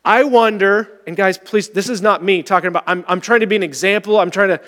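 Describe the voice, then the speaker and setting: A man preaching a sermon as pastor in a church, talking in an animated, conversational way. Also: sits high, fast, big-room sound. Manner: animated, conversational, acts out voices.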